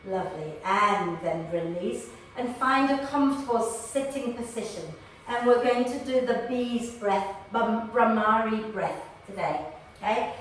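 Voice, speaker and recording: A woman teaching an online prenatal yoga class, guiding gently and tagging her cues with "okay?". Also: fairly high pitch, measured pace, very echoey, recorded from a distance, a little hiss or hum, low-quality recording. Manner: gentle, tags nearly every instruction with "okay?". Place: room recorded for an online class.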